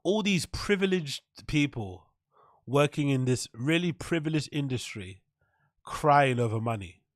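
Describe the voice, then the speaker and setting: A man's voice: mid-range voice, expressive, unhurried, no echo, studio quality. A man hosting his own podcast, ranting sarcastically about a clip, blunt and swearing, often laughing. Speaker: podcast host. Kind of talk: casual rant reacting to a clip.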